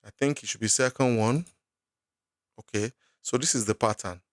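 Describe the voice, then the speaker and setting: A man teaching a software tutorial, talking patiently step by step through each click at his computer. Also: mid-range voice, moderate pace, dry recording, studio quality. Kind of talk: screen-recorded software tutorial.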